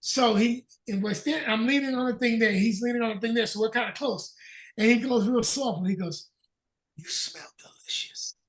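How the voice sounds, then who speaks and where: A man with a Northern US accent telling a profane, animated story in casual chat on a video call. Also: very high-pitched, a little fast, echoey room, far from the mic. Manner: profane, animated storyteller who acts out dialogue. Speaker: podcast host.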